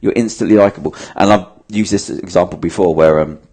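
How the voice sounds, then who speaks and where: A man's voice: sits low, a little fast, a little mellow. A man, a podcast host in casual chat, giving emphatic, sweary advice and acting out bits of dialogue.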